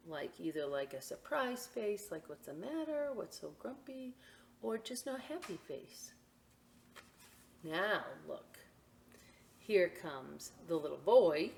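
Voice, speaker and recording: Lively, slow-talking storytime reader. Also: female voice, deep voice. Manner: animated and chatty, asides to listeners. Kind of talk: reading a picture book aloud to children.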